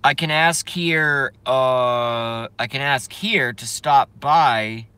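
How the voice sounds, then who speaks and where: A man's voice: medium pitch, bright, forceful tone, clear, resonant tone, no room sound. A man on a casual live stream, rambling and swearing, reading chat aloud and laughing often, with many trailing filler sounds. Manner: self-interrupting, drawn-out filler sounds.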